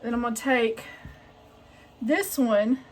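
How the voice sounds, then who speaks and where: A woman's voice: a little high, slow. A woman, chatting casually and thinking aloud to her viewers while she shows her sewing in a home sewing room. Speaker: sewing vlogger.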